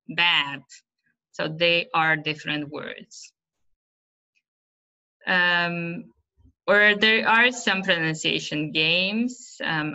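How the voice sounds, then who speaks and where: A middle-aged teacher trainer with an Uzbek accent presents a teaching webinar, explaining patiently with fillers and frequent "right?" checks. Her voice is lowish, bright, and forceful, and the webinar audio is dull and lo-fi.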